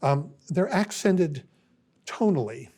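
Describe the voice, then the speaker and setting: An older male professor speaks to his class in a measured lecture. His pace is slow and his voice sits a little high, with frequent pauses and fillers as he thinks aloud. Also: lively intonation, a little mellow. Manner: unhurried, thoughtful, pauses with um and uh. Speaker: university lecturer.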